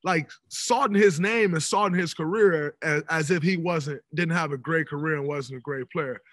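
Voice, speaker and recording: A man in his thirties, a podcast guest telling stories in an animated, emphatic way. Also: a little high, moderate pace, no room sound. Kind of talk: casual podcast conversation. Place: podcast studio.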